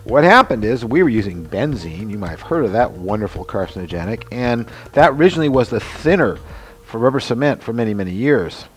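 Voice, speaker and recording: Very animated and a little fast, this medium-pitched man in his sixties hosts a casual workshop demonstration. The show host and special-effects mask maker describes his masks and costumes in a chatty, meandering manner loaded with fillers and asides.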